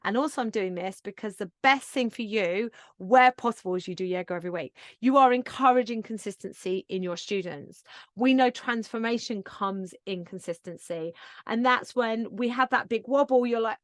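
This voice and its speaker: A woman's voice: fairly high pitch, moderate pace, dry recording, clean studio sound. A woman hosting her own podcast, talking casually and earnestly as she coaches listeners with encouragement and plenty of fillers. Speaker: podcast host and yoga business coach. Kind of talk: casual solo podcast talk.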